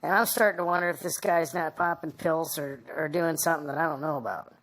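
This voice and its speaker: A woman being interviewed, recounting a personal story in a halting, rambling way. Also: sits low, fairly bright tone. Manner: halting and rambling, full of "you know".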